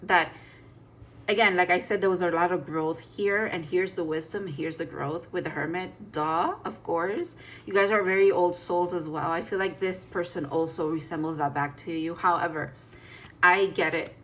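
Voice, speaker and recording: A woman's voice: fairly low pitch, fairly even intonation, normal speed, a bit bright, slight background noise. Chatty woman reading tarot cards. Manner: chatty and emphatic, with laughs and sighs. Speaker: tarot reader. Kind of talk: casual tarot reading to camera.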